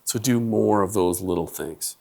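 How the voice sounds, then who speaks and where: A middle-aged man giving a humorous lecture, telling family stories with lively acted-out quotes to an audience in a lecture hall. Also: fairly low pitch, moderate pace, vocal fry. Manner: animated storyteller, acts out family quotes.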